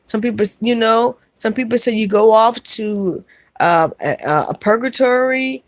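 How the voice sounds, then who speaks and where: A woman hosting a livestream, reading viewers' comments aloud and answering them in a soft, halting way with many fillers. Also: fairly high pitch, no room sound. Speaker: livestream host.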